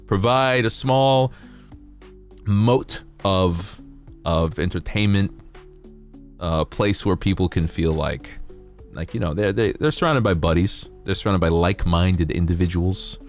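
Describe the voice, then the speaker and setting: A male streamer chatting casually with his viewers, rambling and playful, sometimes jumping into high silly voices. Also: measured pace. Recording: faint music behind.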